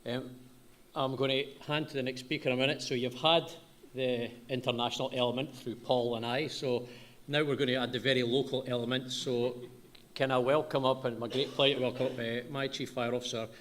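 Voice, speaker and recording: A man hosting a live event, introducing speakers in a steady manner. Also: medium pitch, fairly quick. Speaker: event host.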